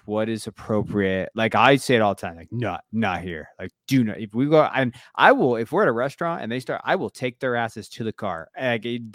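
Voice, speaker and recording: A man's voice: mid-range voice, fairly bright tone, no room sound, clean studio sound. A man in his thirties, a tired podcast co-host, chatting casually and rambling with lots of fillers and offhand swearing.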